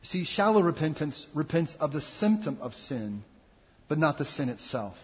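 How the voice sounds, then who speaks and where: Pastor, male, reflective sermon delivery, raised pitch; muffled recording with a long church echo. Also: sing-song, moderate pace, darkish tone, breathy edge. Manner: earnest, reflective preaching with acted quotes. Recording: dull sound with long hall reverb.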